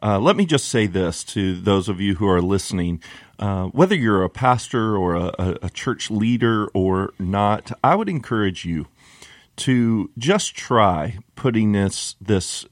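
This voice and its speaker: A man's voice: lowish voice, expressive, measured pace, dry recording, clean studio sound. Encouraging podcast host man. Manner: encouraging, loose, with fillers. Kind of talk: casual podcast wrap-up.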